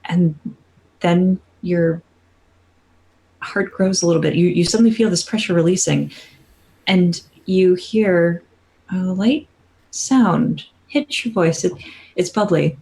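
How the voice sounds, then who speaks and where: A woman running a tabletop game as game master, narrating slowly and haltingly as she explains rules. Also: fairly low pitch, mellow, low-quality recording. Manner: slow, halting descriptive narration.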